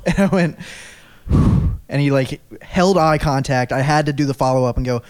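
A young man telling an anecdote in casual podcast chat. His voice is smooth and clear, and he keeps a dry, deadpan tone while quoting the back-and-forth. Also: mid-range voice, moderate pace. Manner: deadpan anecdote with quoted dialogue. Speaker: guest.

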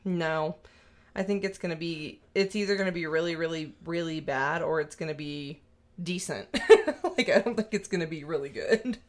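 A woman co-hosting a casual movie podcast, relaxed and quick to laugh. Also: sits low. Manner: laid-back, laughs often. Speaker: podcast co-host. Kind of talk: casual chat.

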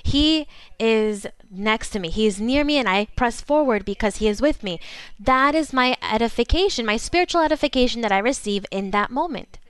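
A woman preaching with fervor, her voice pitched a little high and smooth in tone. Her first language is Spanish. She slows down to stress key words, and the recording is close and dry. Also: lively intonation, fairly bright tone, no echo. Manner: fervent preaching, slows for emphasis. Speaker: pastor. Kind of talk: sermon.

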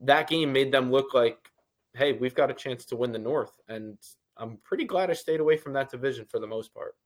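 A man co-hosting a sports podcast, talking in a relaxed, conversational way and giving firm opinions. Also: mid-range voice, a little fast. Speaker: podcast co-host. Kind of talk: casual sports podcast chat.

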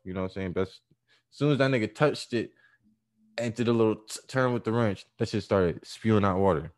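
A man casually telling a story full of profanity, animated and acting out the people in it. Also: fairly low pitch, fairly quick. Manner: profane, animated, acts out voices and laughs.

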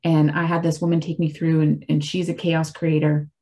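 A woman in her forties with a slightly low voice, speaking in a candid, reflective, conversational way. She pauses, restarts and leans on fillers as she works through personal thoughts on faith and recovery. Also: little pitch movement, dark tone. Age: 40s. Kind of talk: casual reflective talk.

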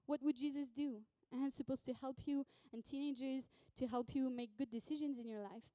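A woman preacher tells a story in a lively way, slipping into voices and laughing along. Her voice is high and mellow. The recording is dry and close. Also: brisk, dry recording. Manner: animated, acts out voices, laughs often. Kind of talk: sermon storytelling.

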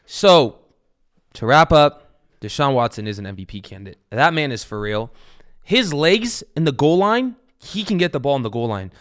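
A young man hosting a fantasy football podcast in loose, rambling chat. His voice is smooth and clear, and he swings between energetic bursts and low asides. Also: normal speed. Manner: rambling, animated, swears casually. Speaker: podcast host. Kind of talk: casual fantasy football talk.

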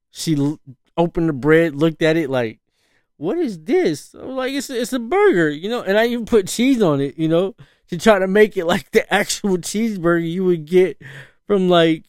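A man's voice: on the high side, a little mellow, clean tone, no echo, studio quality. A man in his thirties, a father, rambling through a casual story, full of fillers and slang. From northern US. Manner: laid-back, rambling, frequent fillers and slang, laughs often.

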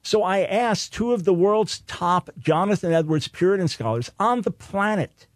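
A man's voice: sits high, animated, normal speed, no room sound. A man hosting a talk radio show, arguing his points emphatically and repeating them for stress.

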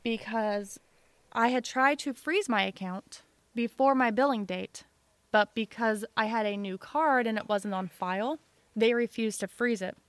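Young woman co-host, clear smooth voice, even and relaxed delivery. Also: a little high, measured pace, dry recording. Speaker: podcast co-host. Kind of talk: casual chat.

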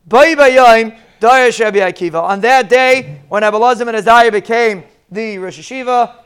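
A man's voice: sits high, a bit bright, smooth. A man giving a daily Talmud lesson, explaining step by step and repeating key lines. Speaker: Talmud teacher.

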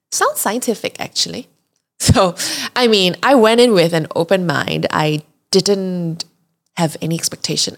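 A woman's voice: fairly low pitch, creaky. A woman telling a travel story in a casual podcast chat, talking freely, laughing often and acting out what people said. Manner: chatty, laughs often, acts out quotes. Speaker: podcast guest recounting a trip.

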